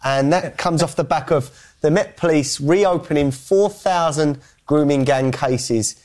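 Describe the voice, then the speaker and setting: A man's voice: fairly high pitch, measured pace, darkish tone. Blunt, earnest man co-hosting. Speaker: co-host. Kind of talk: political chat.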